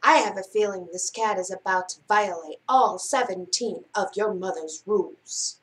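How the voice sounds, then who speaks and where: A woman voicing a worried, stern pet fish who warns in a low, hushed voice. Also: moderate pace, close to an everyday voice, low-quality recording. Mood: warning.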